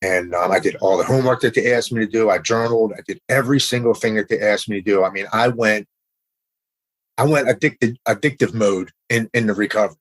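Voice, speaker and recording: A middle-aged man speaks in a somewhat low voice as a podcast guest. He tells his personal recovery story candidly and with feeling, and he often says "man" as he goes. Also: fairly quick, rough recording.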